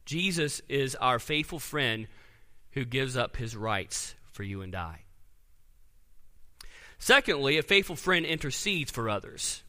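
A pastor preaching a sermon, reading scripture aloud with earnest emphasis and dropping soft on key words. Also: male voice, mid-range voice, expressive, a little slow, long pauses. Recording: long reverb of a large hall.

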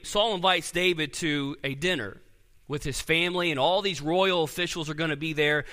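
Bright-voiced man preaching in a reverberant hall. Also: on the high side. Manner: earnest preaching, reads scripture aloud, drops soft on key words. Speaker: pastor. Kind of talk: sermon. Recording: long reverb of a large hall.

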